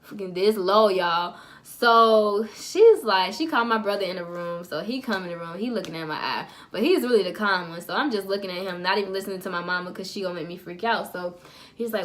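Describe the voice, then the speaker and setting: A woman's voice: mid-range voice, fairly quick, bright, forceful tone. A young woman vlogger telling a personal story to camera in a chatty, profane, dramatic way.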